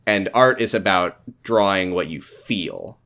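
A man co-hosting a casual recap podcast, dry and sardonic, delivering flat put-downs. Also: low voice, a little slow, vocal fry. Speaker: podcast co-host.

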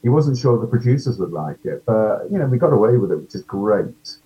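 Man, British accent, low voice, chatty anecdotes, muffled lo-fi sound. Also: big pitch swings, brisk, warm tone. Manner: chatty storyteller, acts out quotes. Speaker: actor guest. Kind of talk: casual interview chat. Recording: dull lo-fi audio.

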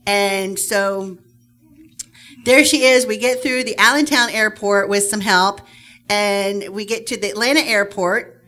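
A woman tells a personal story to an audience and uses many fillers. Her voice is bright and mid-pitched. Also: unhurried. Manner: many fillers, lively telling.

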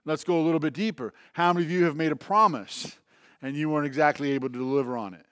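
A man's voice: a little high, quick pace, a bit bright, no room sound, studio quality. A male pastor preaching a conversational sermon, often restarting phrases and checking in with the congregation.

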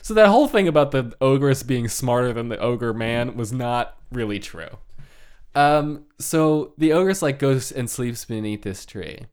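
A man's voice: medium pitch, animated, unhurried, a little mellow, clean tone. A man casually retelling a folk tale, joking and laughing, with lots of "like". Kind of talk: casual chat.

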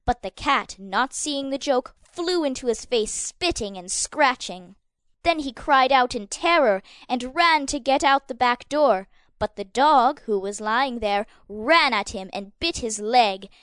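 A woman narrating a fairy tale for an audio drama in a measured, expressive reading. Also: on the high side, clean tone, dry recording, clean studio sound. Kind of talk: scripted storybook narration.

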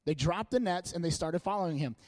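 A man giving a casual sermon in a church, talking in a chatty, joking, animated way. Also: high voice, brisk, dry recording. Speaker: church speaker. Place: church meeting room.

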